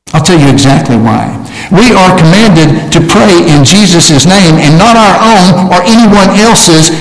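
A man with a high voice preaches to his congregation, pressing his points and circling back on his words. His voice rings through an echoey hall with a long reverb tail. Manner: emphatic, repeats words, addresses congregation as brethren. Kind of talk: sermon.

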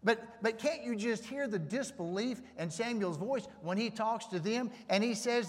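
Male preacher, fairly high voice, casual sermon to the congregation, stage mic in an echoing hall. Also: moderate pace, hardly any pauses, breathy edge. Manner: conversational, asks the audience questions. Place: church hall. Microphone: stage microphone. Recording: long reverb of a hall.

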